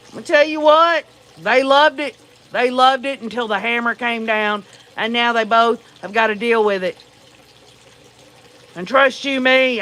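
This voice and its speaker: A woman's voice: on the high side, bright, forceful tone. A woman hosting a livestream, giving blunt, profane, emphatic commentary and talking straight to her viewers. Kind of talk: casual true-crime commentary.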